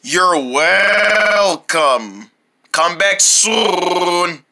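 A performer voicing a male store clerk who speaks in a low, very slow, drawn-out way in a homemade comedy skit. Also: lively intonation, sharp tone, heavily acted. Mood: drawling.

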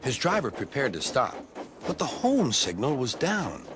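A man reads a children's train story aloud, his pitch swinging widely from line to line. Music plays clearly behind his voice, and he gives the characters their own voices as he goes. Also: wildly swooping pitch, unhurried. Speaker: narrator. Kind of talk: storybook narration in a remix video.

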